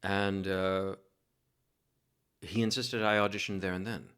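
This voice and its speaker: A man from New York City, a guest telling a lively, self-mocking story in a casual interview and laughing as he goes. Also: low-pitched, unhurried, clear, resonant tone.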